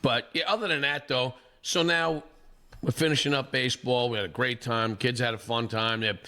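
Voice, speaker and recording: A man, hoarse from a recent illness, animatedly telling stories in casual chat as a podcast co-host. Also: medium pitch, normal speed. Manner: animated storyteller, acts out quoted people.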